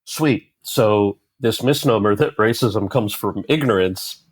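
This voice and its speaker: Low-voiced man telling an animated story. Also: a little slow, slightly rough, no room sound. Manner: animated anecdote-telling, quoting others in character. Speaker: actor and author, interview guest. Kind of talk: conversational storytelling.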